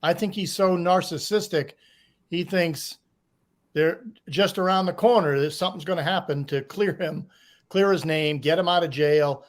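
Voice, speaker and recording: A man, a former drug agent and profiler, giving measured commentary on a podcast with some dry humor. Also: fairly high pitch.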